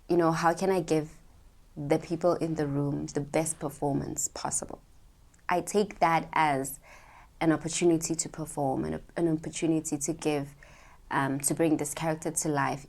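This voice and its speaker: Young woman vlogger, low-ish pitch, animated and chatty, addresses the camera directly. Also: moderate pace. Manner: animated, chatty, talks straight to viewers. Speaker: actor sharing advice. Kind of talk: casual vlog storytelling.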